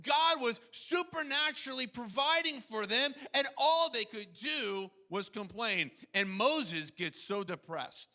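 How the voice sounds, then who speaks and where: A man preaching a sermon as pastor, animated, slipping into mocking quoted voices. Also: very high voice, unhurried, few pauses.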